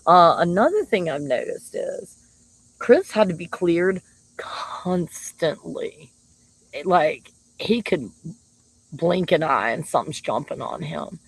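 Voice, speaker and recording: A woman's voice: lowish voice, expressive, slow, vocal fry, slightly rough, no echo, rough recording. A woman talking casually about her partner, chatty and laughing often. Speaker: shaman. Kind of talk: casual monologue to camera.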